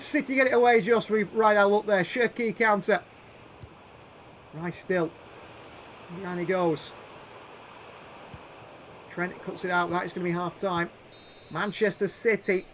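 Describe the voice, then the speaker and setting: A man giving play-by-play commentary over a football video game, calling names in short bursts and shouting when chances come. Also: high-pitched, a little hiss or hum. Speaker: gaming YouTuber doing live commentary.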